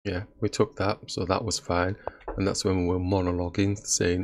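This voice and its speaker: A man's voice: low-pitched, brisk, noisy background. A man giving casual commentary on his own chess game, laughing at his own blunders. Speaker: chess streamer.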